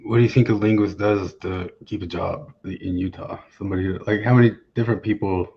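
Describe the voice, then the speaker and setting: A man's voice: low voice, fairly even intonation, brisk. A man hosting a casual podcast chat, talking hesitantly and cueing up clips. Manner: hesitant, lots of fillers. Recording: dull lo-fi mic.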